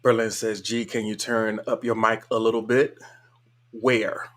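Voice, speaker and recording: A man's voice: on the low side, little pitch movement, measured pace. Laid-back man hosting a live stream. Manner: laid-back, chuckles often, colloquial. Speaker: livestream host. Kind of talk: casual live-stream chat reading comments.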